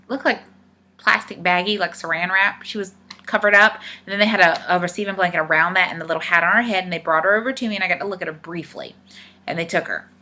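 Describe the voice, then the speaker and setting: Young woman vlogger, bright voice, talks casually to camera and retells what people said. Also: on the low side. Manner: chatty, retells dialogue with many "I said", "he's like".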